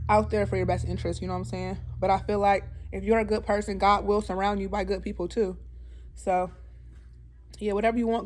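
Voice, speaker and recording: A woman's voice: medium pitch, darkish tone, slight background noise. A woman telling a personal story to her viewers in a casual, earnest way, often slipping into emphatic preaching. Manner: earnest and talkative, often calls the viewers "y'all"; slips into preaching with emphatic repetition. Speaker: vlogger. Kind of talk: casual storytime chat to camera.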